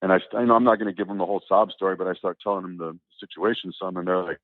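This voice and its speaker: A man telling a personal story as an interview guest, animated and acting out the dialogue as he goes. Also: low voice, rapid-fire, dry recording. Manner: animated, acts out quoted dialogue, repeats words. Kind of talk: casual spoken storytelling. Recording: tinny, phone-like, dry.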